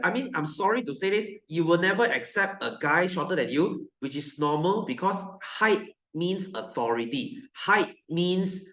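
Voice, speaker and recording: Pitched on the high side and a bit bright, the man is a science teacher with a Malaysian English accent. He jokes, repeats points and quizzes students rapidly while lecturing. The roomy classroom comes through with dull, lo-fi sound.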